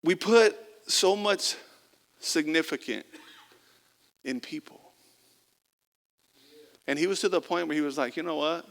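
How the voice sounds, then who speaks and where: A man preaching a sermon in a conversational way, moving between loud emphasis and quiet, low stretches and acting out the people he quotes. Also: measured pace, creaky, pauses often, long reverb tail. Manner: acts out quoted people in a casual voice. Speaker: pastor.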